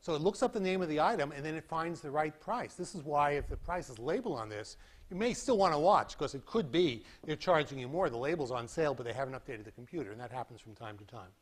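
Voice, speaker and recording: A man giving a university physics lecture in a hall, animated and demonstrating with sound effects. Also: a little high, quick pace. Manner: animated, acts out beeping sounds and demonstrates with props. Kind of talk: classroom lecture.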